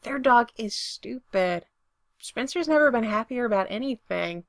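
A woman narrating a romance story aloud with an expressive, intimate reading. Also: on the high side, unhurried, vocal fry, no room sound, studio quality. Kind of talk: reading fan fiction aloud.

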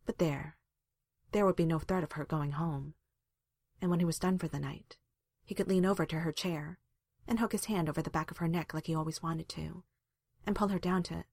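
A woman narrating a story aloud in a calm, even reading voice. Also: low-pitched, brisk, dry recording, clean studio sound. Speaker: reader.

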